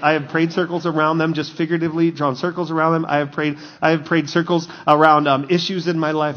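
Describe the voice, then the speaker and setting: A man preaching a sermon, telling stories and acting out quotes, swinging between loud emphasis and hushed, quiet lines. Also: high voice, dull audio. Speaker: pastor.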